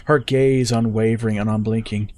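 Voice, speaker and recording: Steady male audio-story narrator. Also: lowish voice, moderate pace. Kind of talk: scripted first-person narration.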